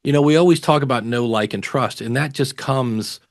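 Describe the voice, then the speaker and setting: A middle-aged man, a podcasting teacher, telling stories in a lively way as a guest in a casual interview. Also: mid-range voice, moderate pace, no room sound, studio quality. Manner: animated storyteller.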